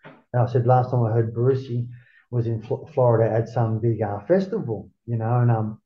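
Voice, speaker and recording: A man's voice: mid-range voice, moderate pace. A middle-aged Australian man telling a rambling, profane story in casual chat and acting out what people said. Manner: rambling, profane, acts out quotes. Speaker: guest, former surfer. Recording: roomy, dull lo-fi sound.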